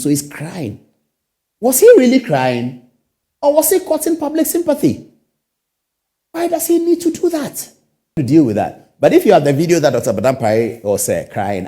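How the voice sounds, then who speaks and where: A man's voice: on the high side, dark tone. A Ghanaian man hosting a talk show, giving indignant commentary full of rhetorical questions and repeated phrases. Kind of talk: studio commentary.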